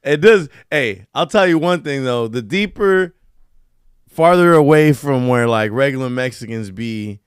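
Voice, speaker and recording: A male podcast host with a smooth, resonant voice, talking through his thoughts in easygoing, rambling chat. He is recorded close on a dry mic. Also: medium pitch, lively intonation, measured pace, dry recording.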